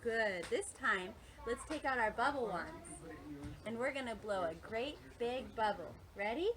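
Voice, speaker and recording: A woman's voice: a little high, expressive, a little slow, background noise. A woman teaching a playful yoga class for children and families, talking in a sing-song way, singing and making animal sounds. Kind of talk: playful kids' yoga instruction with songs and a story.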